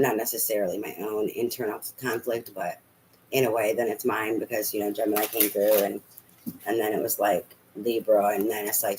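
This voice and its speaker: A man's voice: fairly low pitch, level tone, fairly quick, a little mellow, slight background noise, rough recording. Chatty man giving a tarot reading. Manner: chatty, swears casually, talks to spirit aloud. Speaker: tarot reader.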